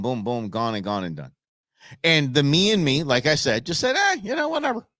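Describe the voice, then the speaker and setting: A man hosting a live show, talking casually and excitably over video clips and speaking to viewers by name. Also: mid-range voice, no echo, clean studio sound. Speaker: host.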